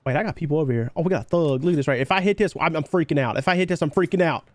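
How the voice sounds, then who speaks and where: A man's voice: on the high side, racing, no echo. A man streaming a game live, chatting casually and thanking viewers by name. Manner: laid-back, thanks viewers by name, calls them brother. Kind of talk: casual gaming livestream chat.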